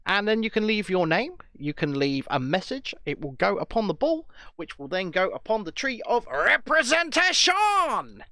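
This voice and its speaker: A man's voice: sits high, very animated, normal speed, hardly any pauses, pushed and bright, dry recording. A man co-hosting a podcast, giving casual, mocking and opinionated banter. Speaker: podcast co-host.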